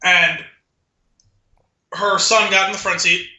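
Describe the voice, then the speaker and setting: A high, sharply bright male voice rambles through a story with dry asides. He is chatting casually as a podcast co-host. The sound is roomy and echoey. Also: little pitch movement, slow pace. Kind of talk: casual chat. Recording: roomy echo.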